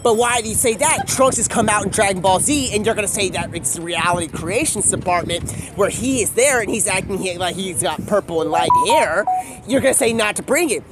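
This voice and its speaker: A man's voice: high-pitched, a little fast, noisy background. Rambling man in a slangy monologue. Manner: rambling, free-associating, slangy. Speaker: video creator.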